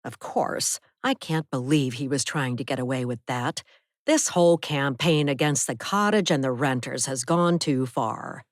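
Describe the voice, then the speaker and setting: A stern, disapproving neighbor woman, voiced by a woman narrator who scolds firmly. Her voice is pitched low and quiet under the narration, in a dry, close read. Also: a little slow, no room sound.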